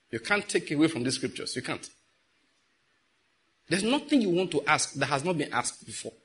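A man's voice: on the high side, a bit bright. A middle-aged man preaching a sermon, talking to his congregation with frequent rhetorical questions. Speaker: pastor.

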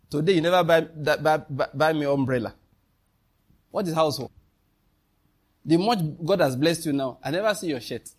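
A man preaches a sermon, fairly high in pitch. He is emphatic and keeps throwing questions out to the congregation. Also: normal speed, long pauses, breathy edge. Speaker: pastor.

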